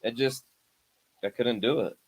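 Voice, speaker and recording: Man, podcast co-host, mid pitch, easygoing storytelling, casual swearing. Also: unhurried, slightly rough, no echo. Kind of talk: casual chat.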